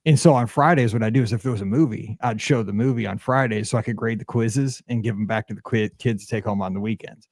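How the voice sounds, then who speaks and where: A man hosting a podcast, chatting casually as a rambling, animated storyteller full of fillers. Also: fairly low pitch, fast talker, dry recording, clean studio sound. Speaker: podcast host.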